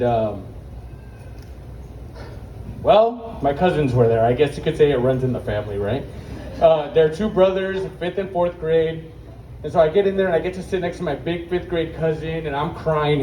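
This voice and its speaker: A man's voice: a little high, normal speed, dark tone. A young man telling brash, profane stand-up stories at an open mic, out of breath at times. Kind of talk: stand-up storytelling. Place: open mic stage at an outdoor market. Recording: distant echoey outdoor market recording with faint noise.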